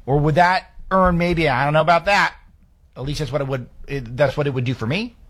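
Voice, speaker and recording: A man's voice: a little high, brisk, a bit bright. A man hosting a political talk show, delivering commentary with emphatic, sarcastic rhetorical questions.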